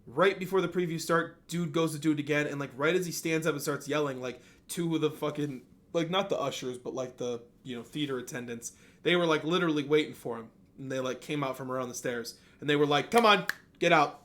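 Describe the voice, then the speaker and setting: A man's voice: a little high, fairly quick, hardly any pauses. A man hosting a casual podcast chat, telling a story with lots of swearing and acted-out quotes. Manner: animated storyteller, swears freely, acts out quotes. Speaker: podcast host.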